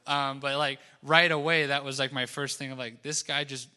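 A man's voice: mid-range voice, fairly even intonation, normal speed, pushed and bright, smooth. A young man casually telling a mission-trip testimony, rambling with lots of fillers and laughing at his own story.

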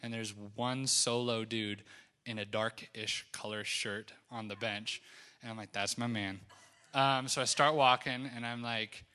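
A man's voice: medium pitch, fairly even intonation, a little slow, pushed and bright, clear, resonant tone. A young man casually telling a mission-trip testimony, rambling with lots of fillers and laughing at his own story.

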